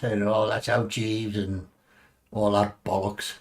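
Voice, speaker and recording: Chatty English streamer, unhurried and a bit deep, casual swearing, off-mic distance. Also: male voice, little pitch movement. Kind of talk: casual gaming commentary.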